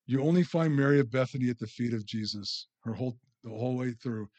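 A man's voice: mid-range voice, quick pace, a little mellow, muffled recording. A man preaching a conversational sermon, often checking in with the listeners with "you know" and "right?".

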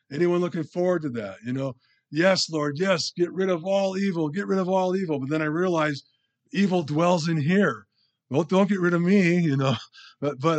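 Male preacher, mid-pitch, chatty verse-by-verse teaching, self-deprecating, many restarts. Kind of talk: sermon teaching.

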